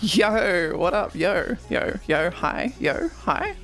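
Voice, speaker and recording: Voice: medium pitch, sing-song, slow pace, fairly bright tone. A streamer bantering playfully, repeating greetings and laughing often. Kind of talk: casual banter between streamers.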